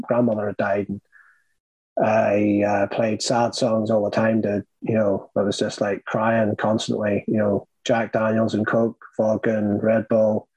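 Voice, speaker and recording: With a lowish, darkish voice and a breathy edge, a middle-aged Northern Irishman rambles through his life story, candid, filler-heavy, and bluntly profane. The recording is dry and rough.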